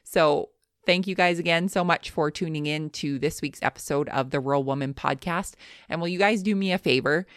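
Woman, podcast host, upbeat, gushing, vocal fry, dry sound. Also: rumbling low, no echo. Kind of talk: podcast interview and outro.

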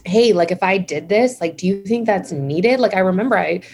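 A woman's voice: mid-range voice, brisk, darkish tone, a little hiss or hum. A woman guest in a casual interview, a nurse and founder, who tells stories in a chatty way, saying "like" often and acting out her own reactions. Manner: chatty storyteller, many "like"s, acts out her own past reactions. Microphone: video call.

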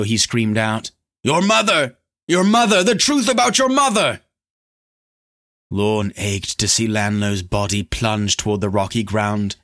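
A man narrating a fantasy novel chapter in a steady, dramatic storytelling manner. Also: lowish voice. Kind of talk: scripted audiobook narration.

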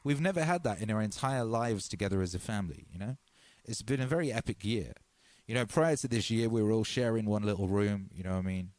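An English man in his thirties hosting a casual livestream, talking in slang, reading out chat messages and telling stories with lively energy. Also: on the low side, quick pace, few pauses, no room sound. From England. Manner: animated, slangy, reads chat aloud. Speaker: livestream host.

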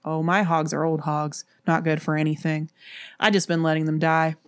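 A woman's voice: sits low, flat delivery, normal speed, clean tone, dry recording, clean studio sound, lightly acted. A woman voicing a weary older male snowplow driver who speaks in plain, terse country talk.

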